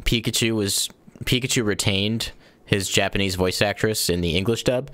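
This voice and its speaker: A young man hosts a casual podcast. His voice sits a little low and sounds close and dry, with no room around it. He talks in an animated, rambling way and laughs often. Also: normal speed, dry recording. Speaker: podcast host.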